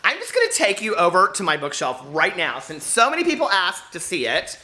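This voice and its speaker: A man hosting a casual book vlog at home, chatty and animated, laughing often and drawing out words for dramatic emphasis as he walks between rooms. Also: high voice, brisk. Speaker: book vlogger host. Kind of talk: casual rambling vlog chat.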